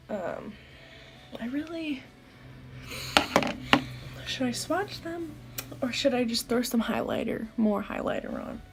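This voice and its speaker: A young woman talks through a makeup tutorial in a casual, candid way, often breaking into exclamations. Her voice sits a little high and has a gravelly fry to it. Faint music plays behind her. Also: a little mellow. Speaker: beauty vlogger.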